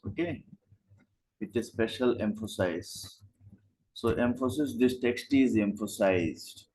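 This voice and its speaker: A man's voice: fairly low pitch, darkish tone, poor audio. A man teaching a live online coding class, explaining in short steps and asking rhetorical questions. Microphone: video call.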